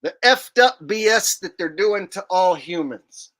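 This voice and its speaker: Bright-voiced joking male streamer. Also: high-pitched, a little slow. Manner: joking, animated, casual swearing. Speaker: livestream host. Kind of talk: casual livestream chat reading super chats.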